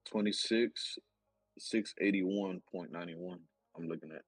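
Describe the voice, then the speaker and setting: A man's voice: deep voice, a little slow, no room sound, soft background music. A man on a live trading call, reading out price levels carefully with small fillers.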